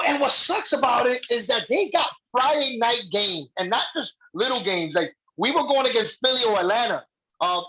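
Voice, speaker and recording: Excitable, rambling high-voiced man. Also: dull audio. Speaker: guest co-host. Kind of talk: casual fan chat.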